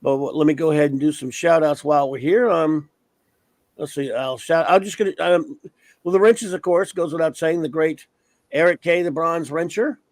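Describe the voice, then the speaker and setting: A man with a slightly high voice speaks at normal speed in a dry recording. He's hosting a casual livestream, rambling as he reads out viewers' names.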